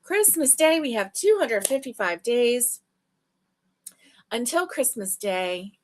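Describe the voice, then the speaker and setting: A woman's voice: a little high, sing-song, takes it slowly, a little hiss or hum. Sleepy, chatty woman hosting a crochet livestream. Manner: sleepy, chatty, warm greetings to viewers. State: tired and yawning. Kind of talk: casual livestream chat. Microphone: livestream webcam mic.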